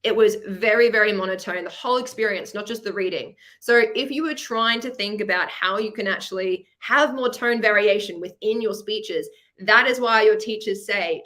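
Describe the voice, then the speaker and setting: In an upbeat teaching webinar, an Australian-accented woman talks at normal speed in a mid-range voice that's bright and forceful. Over her webcam she encourages students in a chatty way and explains with examples.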